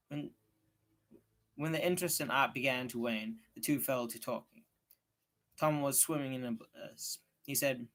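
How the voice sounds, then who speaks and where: A man's voice: mid-range voice, fairly bright tone. A man reading a novel aloud at home, unpolished, with occasional restarts. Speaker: reader.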